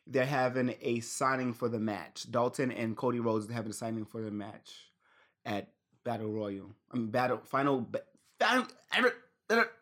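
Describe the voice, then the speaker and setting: Speaking at normal speed with a medium pitch and level tone, a man co-hosts a casual podcast. His wrestling recap wanders, punctuated by frequent laughs and sentences left unfinished.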